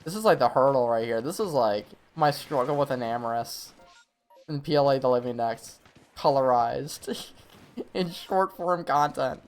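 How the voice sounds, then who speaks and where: A man commentating his own live gameplay stream, talking to himself and the game with quick reactions. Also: medium pitch, animated, faint music behind.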